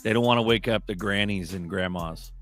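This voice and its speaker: A man's voice: lowish voice, brisk, over music. A man chatting bluntly on a live stream, swearing and calling people bro. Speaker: co-host. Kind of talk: casual chat on a live stream.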